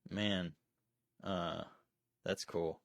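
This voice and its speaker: A man's voice: low voice, steady tone, extremely slow, creaky, dry recording, clean studio sound. A man co-hosting a casual movie chat on a live stream, rambling with many restarts and fillers. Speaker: co-host. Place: storage shed.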